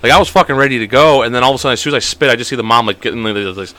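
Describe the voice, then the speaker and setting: A man's voice: mid-range voice, racing, bright, forceful tone, no room sound. A young man hosting a podcast, telling stories in casual chat, swearing freely and laughing often. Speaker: podcast host.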